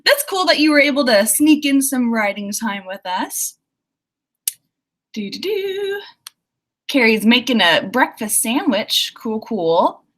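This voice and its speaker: A woman's voice: on the high side, animated, a little slow, hardly any pauses, a bit bright. A young woman with an Oklahoma accent, hosting a writing livestream and chatting through viewer comments in a bubbly, chatty way. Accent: Oklahoma, Southern US. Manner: bubbly, chatty, lots of fillers and laughs. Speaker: livestream host. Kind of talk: casual livestream chat reading comments.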